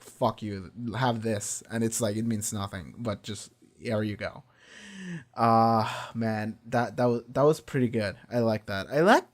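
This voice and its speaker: A young man reacting to a TV episode, rambling with frequent swearing, fillers and repeated words. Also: mid-range voice. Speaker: reaction video host. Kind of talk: casual spoken review after watching an episode.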